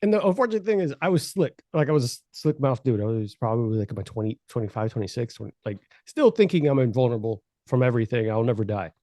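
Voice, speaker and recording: A man telling a wild story on a casual podcast, animated and profane, acting out the people in it. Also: medium pitch, fast, hardly any pauses, dry recording, studio quality.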